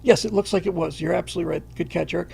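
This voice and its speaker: Gravelly middle-aged man hosting a livestream. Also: sits high, darkish tone. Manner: halting, many fillers and restarts, reads viewer comments aloud. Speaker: livestream host answering viewer questions. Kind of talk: casual livestream chat.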